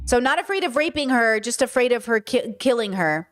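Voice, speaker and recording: A woman's voice: a little high, expressive, a little fast, hardly any pauses, fairly bright tone, soft background music. A woman streamer reacting to news clips, talking indignantly and animatedly and mimicking other people. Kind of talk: casual reaction commentary.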